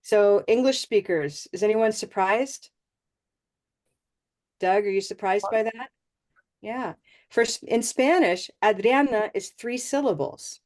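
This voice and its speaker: A woman's voice: medium pitch, a little slow, long pauses, a little mellow. Encouraging woman teaching pronunciation online. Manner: encouraging, asks "okay?" often. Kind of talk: live online class.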